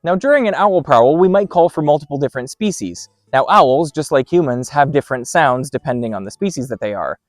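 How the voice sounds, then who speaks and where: A man's voice: on the high side, lively intonation, brisk, hardly any pauses, no echo, clean studio sound, faint music behind. A man hosting an outdoor educational segment by wooded trails, upbeat and playful. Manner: upbeat and playful, doing owl calls. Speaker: park host.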